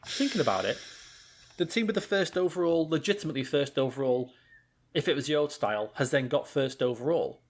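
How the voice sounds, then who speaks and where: A British man co-hosting a podcast, talking in a sweary, animated rant. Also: on the high side, a little fast. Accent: British English. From Britain. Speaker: podcast co-host. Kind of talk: casual chat.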